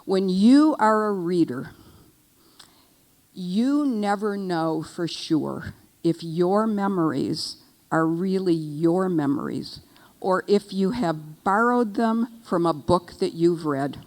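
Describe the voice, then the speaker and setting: An older woman giving a keynote speech, telling a humorous story in a wry, animated way. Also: lowish voice, slow. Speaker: keynote speaker. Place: event stage.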